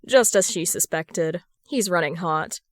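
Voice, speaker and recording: A woman's voice: on the low side, measured pace, dry recording. Woman narrating a fan story, dry sound. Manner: steady storytelling read. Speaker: podfic reader. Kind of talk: fan fiction audiobook narration.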